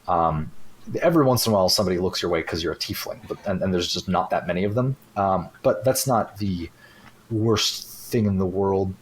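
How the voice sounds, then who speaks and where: A man's voice: low voice, fairly quick, slight background noise. A man narrating as game master of a tabletop game in a rambling way, full of fillers.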